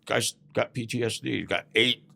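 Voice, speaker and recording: A man's voice: medium pitch, normal speed, creaky, sharp tone. An older man from Southern California, a podcast guest who tells rambling stories and keeps saying "man". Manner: rambling storyteller, often says "man". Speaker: podcast guest, former biker club president. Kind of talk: casual storytelling interview.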